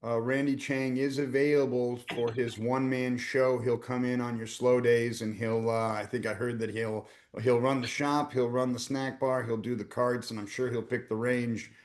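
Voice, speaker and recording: A man's voice: mid-range voice, level tone, moderate pace, few pauses. A man moderating a webinar and wrapping it up, joking casually with many fillers.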